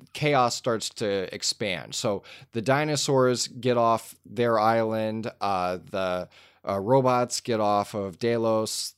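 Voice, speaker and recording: A man's voice: on the low side, smooth, no echo, clean studio sound. A man chatting casually about movies, rambling through a fan theory with lots of fillers. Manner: rambling, animated storytelling with fillers. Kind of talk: casual film discussion.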